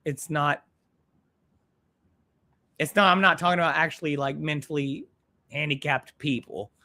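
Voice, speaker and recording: A man's voice: fairly high pitch, fairly even intonation, measured pace, sharp tone. A man hosting a live stream, ranting bluntly and profanely while reading viewer comments in a rambling way.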